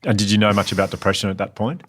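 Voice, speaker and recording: A man's voice: fairly low pitch, little pitch movement, rapid-fire, slight background noise. A man hosting a podcast, asking attentive and encouraging follow-up questions. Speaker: podcast host.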